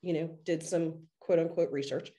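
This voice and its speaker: Earnest woman podcast host, low-pitched. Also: steady tone, normal speed, warm tone. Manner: earnest, explaining at length, laughs at herself. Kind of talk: casual podcast discussion.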